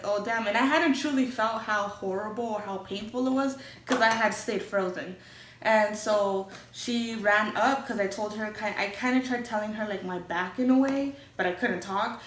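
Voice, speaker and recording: A young woman vlogger with a mid-range voice tells a casual storytime, candid and chatty, swearing freely. The recording picks her up from a distance with roomy echo and a little hiss or hum.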